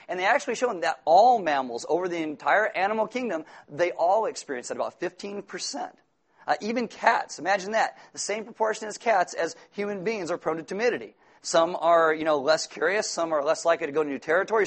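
A male pastor preaching a sermon in a conversational, often humorous way, rising to emphatic repetition at times. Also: on the high side.

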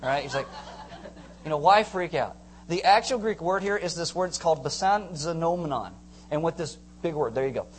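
A man preaching a sermon to a congregation, animated, acting out scenes and joking with the crowd. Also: on the high side, normal speed, a little hiss or hum. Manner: animated, acts out screams and jokes with the congregation. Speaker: pastor.

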